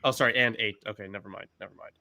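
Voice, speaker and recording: A man's voice: lowish voice, fairly even intonation, racing, sharp tone, no echo. A man on a podcast, talking in a hesitant, apologetic way in casual chat. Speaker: podcast panelist.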